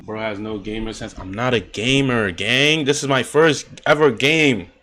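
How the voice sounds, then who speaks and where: A young man streaming and chatting casually, excitable and slangy with emphatic outbursts. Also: mid-range voice, normal speed. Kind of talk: casual gaming and anime chat.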